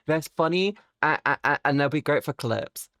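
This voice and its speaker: Lively low-voiced woman streamer. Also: normal speed, dry recording, clean studio sound. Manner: playful, teasing and profane, with sudden high squeaky jumps. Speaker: live streamer. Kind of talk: casual live-stream chat with viewers.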